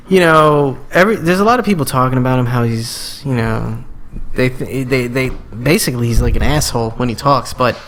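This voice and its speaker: A young man co-hosting a podcast, telling stories in loose casual chat, swearing freely and jumping up into high voices for imitations. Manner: loose storytelling, swears a lot, jumps into high-pitched imitations. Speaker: podcast co-host.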